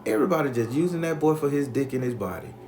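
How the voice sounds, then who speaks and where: Blunt, scolding elderly grandmother, played by a man telling the story, pitched up and lively. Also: quick pace, reverberant, slight background noise, close to an everyday voice. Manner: frank, gossipy, scolding.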